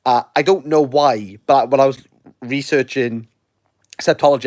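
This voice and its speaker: A man's voice: medium pitch, moderate pace, a little mellow, no echo. A Welsh man reviewing books in a rambling, jokey, playfully sarcastic livestream chat into his phone. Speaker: book reviewer.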